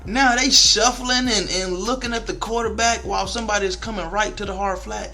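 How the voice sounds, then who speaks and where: Young male gamer, slightly high, bright voice, salty casual commentary, faint music bed. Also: a little fast. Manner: frustrated, animated, swears a lot, African American Vernacular English speech patterns. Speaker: video game streamer.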